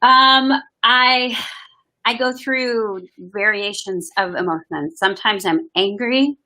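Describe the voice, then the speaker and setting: A woman's voice: medium pitch, slow, low-quality recording. A woman pastor in a casual church update chat, speaking in an earnest, heartfelt way. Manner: earnest, soft-spoken and heartfelt. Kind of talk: casual conversation.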